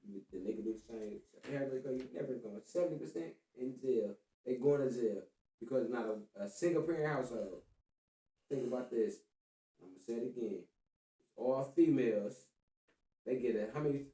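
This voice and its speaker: A man's voice: mid-range voice, mellow, roomy sound, recorded from a distance, low-quality recording. A man co-hosting a casual podcast in a basement studio, profane, telling stories and acting out the quotes in them. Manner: profane, storytelling, acts out quotes. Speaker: podcast co-host.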